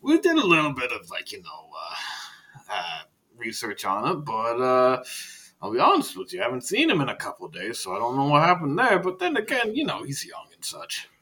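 A man's voice: mid-range voice, wildly swooping pitch, brisk, pushed and bright, pitched above the performer's own voice, exaggerated voice. A man voicing a tiny, eccentric old male librarian who is crass and rambling.

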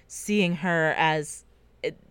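Woman, podcast co-host, casual and analytical, lowish voice, dry sound. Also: extremely slow, a bit bright, smooth, dry recording. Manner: analytical, hedging with "like" and "right?". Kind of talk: casual book discussion.

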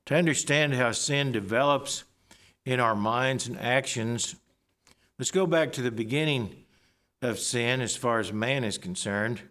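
A man preaching a sermon in a measured, explanatory way, reading scripture aloud and unpacking its wording. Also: mid-range voice, fairly bright tone.

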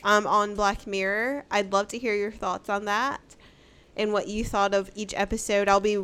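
A woman co-hosting a podcast in casual chat, bubbly and excitable, laughing easily. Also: medium pitch, normal speed, crowd noise. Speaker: podcast co-host.

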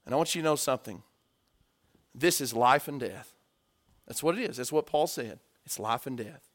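A male preacher delivering a sermon, swinging from hushed asides to loud, acted-out story lines. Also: medium pitch.

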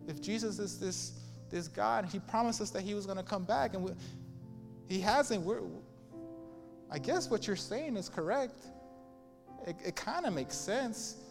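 A man voicing a wavering man who is won over by false teaching, speaking in a hushed, hesitant way. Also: sits high, animated, measured pace, gravelly, pauses often, big-room sound, music in the background, pitched below the performer's own voice, exaggerated voice. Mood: doubting.

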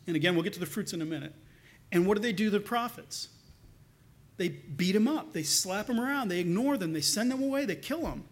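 High-pitched pastor guy preaching, chatty and animated, keeps restarting words. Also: brisk. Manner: animated storytelling, colloquial asides; repeats words when restarting. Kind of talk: sermon.

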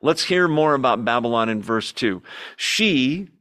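A man's voice: medium pitch, moderate pace, fairly bright tone, clean tone. A man teaching a Bible study in a conversational way, explaining terms plainly with some fillers.

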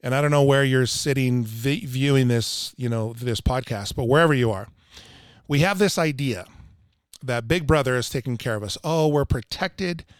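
Man, podcast guest, emphatic, repeats for effect, mid pitch, dead-dry sound. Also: moderate pace, smooth, no room sound. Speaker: water filtration installer, guest. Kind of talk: casual podcast chat. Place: Utah.

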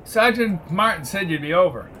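A man's voice: high-pitched, lively intonation, moderate pace, bright, forceful tone, slight background noise. A polite, plain-spoken uniformed police officer, as a male narrator voices him, reporting facts without fuss. He is a minor figure in a hard-boiled detective audiobook.

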